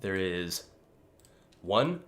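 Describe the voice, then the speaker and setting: A young man with a somewhat low voice talks casually over his gameplay, sounding groggy as if just out of bed. He rambles easily and keeps pausing to clear his throat. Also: big pitch swings, fairly bright tone. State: groggy morning voice. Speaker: streamer. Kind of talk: casual live-stream chat.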